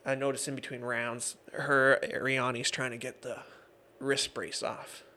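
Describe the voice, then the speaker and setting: A man's voice: mid-range voice, level tone, unhurried, pushed and bright. A man in his thirties, a guest on an interview show, telling stories in a chatty, laughing way with lots of fillers. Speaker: guest, MMA referee and judge. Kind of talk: casual interview storytelling.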